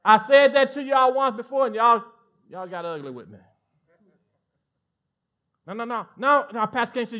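A male pastor with a Southern American accent preaching a sermon, animated, swinging from loud emphatic lines to hushed asides. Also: extremely high pitch, normal speed, long pauses.

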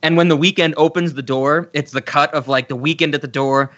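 A man talking casually as podcast co-host, relaxed and laughing as he talks. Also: fairly high pitch, normal speed, highs cut off. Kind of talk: casual film discussion.

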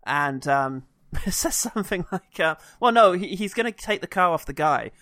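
Man, podcast co-host, bright tense voice, higher than most, dry close sound, animated. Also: normal speed, no room sound. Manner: animated, acts out movie lines in funny voices. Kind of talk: casual film review chat.

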